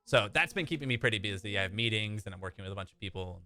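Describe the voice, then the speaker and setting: A man streaming a game, chatting casually and joking, with animated delivery. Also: fairly low pitch, racing, over loud music. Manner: animated, jokey, slips into voices. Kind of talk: casual gaming stream talk.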